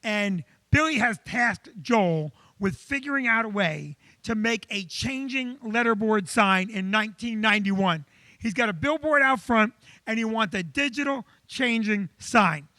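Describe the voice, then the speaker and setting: High-voiced bright male comedy host. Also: dry recording. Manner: animated, chatty storyteller. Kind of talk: live comedic storytelling. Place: comedy club.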